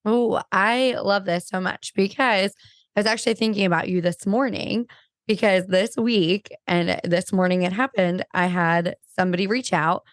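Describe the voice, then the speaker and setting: A woman's voice: mid-range voice, moderate pace, dry recording. Chatty woman podcast host, dry sound. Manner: warmly enthusiastic, chatty. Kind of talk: casual interview chat.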